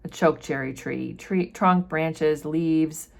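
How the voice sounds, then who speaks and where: A woman's voice: deep voice, slow, vocal fry, heavily acted. A woman reading the lines of a stern, weary mother who was once enslaved, in a firm, defiant way.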